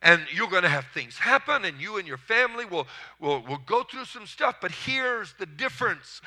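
A man's voice: high voice, sing-song, normal speed, few pauses, bright, forceful tone. A man preaching a sermon, emphatic and rising in force at his key points.

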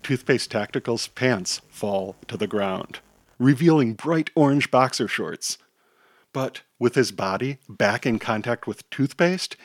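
A man tells a children's superhero story with animated, theatrical energy, his pitch in an ordinary middle range. The recording is dry and close, with no room sound around him. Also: slightly rough, dry recording. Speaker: storyteller and podcast host. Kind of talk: children's audio story narration.

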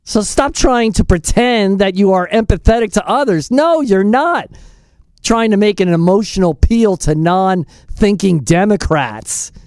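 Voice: medium pitch, lively intonation, unhurried, a little mellow, no room sound, clean studio sound. A radio talk show host delivering scornful political commentary, mocking and sarcastic. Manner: mocking, scornful, breaks into mimicking voices.

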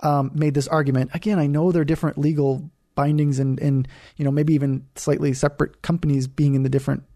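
Male co-host, mellow dark tone, dry close sound, casual halting chat. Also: fairly high pitch, little pitch movement, no echo. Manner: halting, restarts often, playful. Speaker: podcast co-host.

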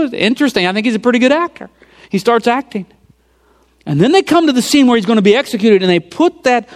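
A man with a high voice preaches an animated storytelling sermon, retelling a film scene by scene. For emphasis he drops into hushed near-whispers.

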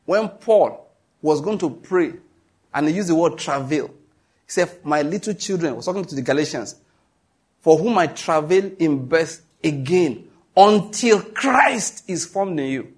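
A Nigerian man preaching a sermon with a Nigerian accent, emphatic, reading scripture slowly and joking with the congregation. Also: a little high, a little mellow, husky.

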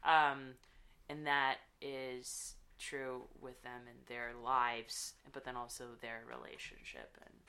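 A woman's voice: rumbling low, takes it slowly, pushed and bright. A young woman guesting on a podcast, talking in long rambling runs full of fillers. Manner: rambling, filler-heavy, laughs often. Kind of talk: casual podcast chat.

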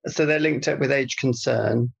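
Male comic co-host: gravelly fry, deadpan teasing, muffled lo-fi audio. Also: medium pitch, normal speed. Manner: dry, teasing interviewer. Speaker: podcast co-host. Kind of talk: deadpan comedic banter.

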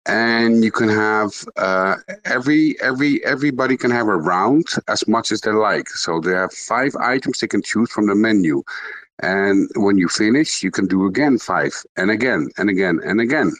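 Man speaking halting English. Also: lowish voice, lively intonation, fairly bright tone, low-quality recording. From Netherlands. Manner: halting, searching for English words with many fillers. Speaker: restaurant owner. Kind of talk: casual chat on a social audio space.

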